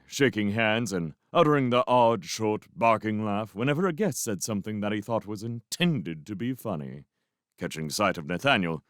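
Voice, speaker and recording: Male fan reader, expressive storybook narration, lowish voice, dry sound. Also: no room sound.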